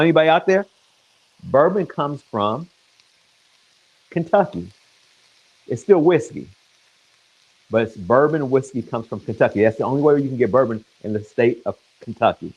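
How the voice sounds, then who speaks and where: Streaming from his own kitchen, a home cook chats and kids around with viewers, addressing each by name, with a pan sizzling nearby. He sounds animated and husky in a mid-range voice at a moderate pace, captured on lo-fi audio.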